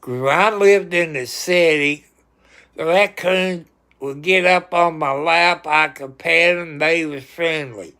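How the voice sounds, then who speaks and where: A man's voice: a little high, takes it slowly, creaky, clean tone. A man chatting casually on a livestream and talking to his cats now and then. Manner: talks to his cats, sometimes scolding loudly. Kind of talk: casual chat.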